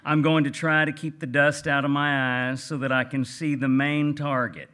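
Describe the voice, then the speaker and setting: A man voicing a cranky, plainspoken older Texas gentleman writer with a Texan accent, reading aloud with a dry, folksy manner. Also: on the high side, little pitch movement, normal speed. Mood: reflective. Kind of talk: reading aloud at a book event.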